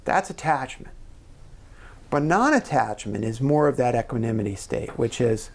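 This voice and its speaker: Middle-aged man, earnest storyteller, gravelly, mid-pitched, soft asides. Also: lively intonation, moderate pace. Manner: earnest storyteller, drops to near-whisper at times. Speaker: guest speaker. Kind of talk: onstage conversation. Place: small members' club event room.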